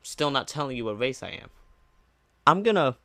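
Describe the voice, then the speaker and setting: A man's voice: mid-range voice, sing-song, moderate pace, fairly bright tone, no room sound, clean studio sound. A young man streamer telling a casual storytime, ranting with sarcastic, mocking retorts. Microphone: low-gain desk mic.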